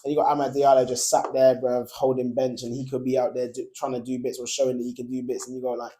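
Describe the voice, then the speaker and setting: A young man hosting a casual football podcast, animated and laughing often as he talks. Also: mid-range voice, fast talker. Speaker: podcast host.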